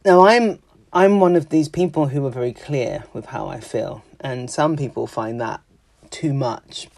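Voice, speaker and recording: A therapist talks through a podcast monologue in a gravelly voice, plain and direct, leaning on key words. The recording is dry and close, with no room sound. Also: medium pitch, a little mellow, no room sound. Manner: direct, explaining with emphasis, some laughs.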